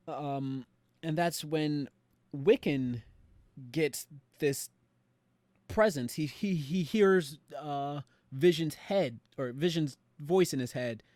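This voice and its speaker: A young man on a podcast, animatedly retelling a show with quick voiced quotes. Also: on the high side, lively intonation, darkish tone, no room sound. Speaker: podcast co-host. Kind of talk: casual recap chat.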